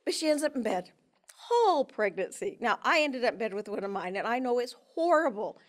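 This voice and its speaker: In an interview, a woman in her fifties appearing as a guest expert recounts a personal story, her delivery swinging lively between loud and soft. She speaks briskly, in a slightly high voice.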